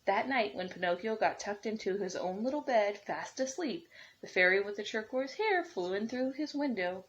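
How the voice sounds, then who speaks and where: A woman preschool teacher reading storybooks aloud to young children gently, with small slips, on a dull lo-fi recording. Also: mid-range voice, lively intonation, moderate pace, a little hiss or hum.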